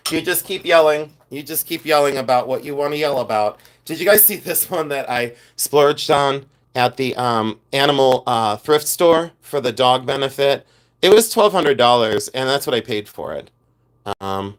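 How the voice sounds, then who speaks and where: A man hosting a casual livestream about jewelry, chatty and animated, rambling with many fillers. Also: medium pitch. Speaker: jewelry designer and livestream host.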